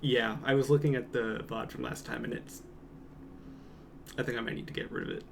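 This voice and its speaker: A man's voice: mid-range voice, fairly even intonation, fairly quick, a little hiss or hum. A young man, a streamer, chatting casually and reading comments aloud with a joking, rambling manner that trails off into mumbles.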